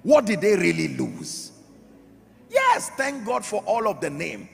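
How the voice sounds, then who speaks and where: A man preaching a sermon as pastor, emphatic, swinging from loud shouts to quiet drops. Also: high voice, very animated, measured pace, creaky. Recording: reverberant hall with faint music.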